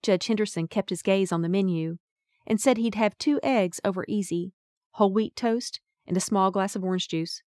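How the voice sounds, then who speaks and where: A woman's voice: medium pitch, normal speed, a little mellow, dry recording, clean studio sound. A woman narrating a first-person audiobook in a wry, folksy storytelling manner.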